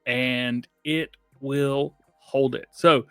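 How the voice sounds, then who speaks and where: A man's voice: mid-range voice, fairly even intonation, very slow, smooth, dry recording, faint music behind. A man co-hosting a casual gaming podcast, chatty and rambling, laughing often. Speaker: podcast co-host.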